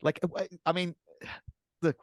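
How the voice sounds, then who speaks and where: With a slightly high voice and a measured pace, this podcast co-host tears into a film in a casual chat, animated, sarcastic and swearing a lot. The sound is dry and clean, like a studio.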